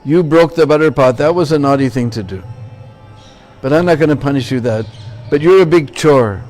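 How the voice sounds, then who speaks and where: A man's voice: a little high, moderate pace, darkish tone, soft background music, close to an everyday voice. A man voicing a scolding mother. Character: stern but loving village mother.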